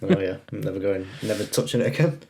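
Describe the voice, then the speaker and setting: A young man co-hosting a casual podcast over a remote recording, chatting like a film buff and pausing often on "uh". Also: lowish voice, lively intonation, vocal fry, a little mellow. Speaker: podcast co-host. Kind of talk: casual chat. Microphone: remote call recording.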